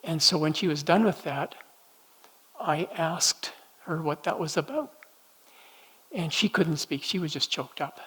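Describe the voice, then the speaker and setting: A man leading a church prophetic training night, telling personal stories in a gentle, conversational way with halting restarts. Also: on the high side, expressive, breathy edge, poor audio. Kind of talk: teaching talk with personal storytelling. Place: church meeting room.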